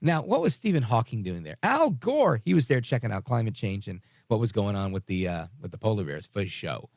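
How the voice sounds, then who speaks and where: A male talk radio host delivers a loose, joking monologue into a studio microphone. His voice has a gravelly fry and a lively, bouncing pitch. The sound is close and dry. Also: a little fast, dry recording. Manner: chatty, joking asides, self-deprecating.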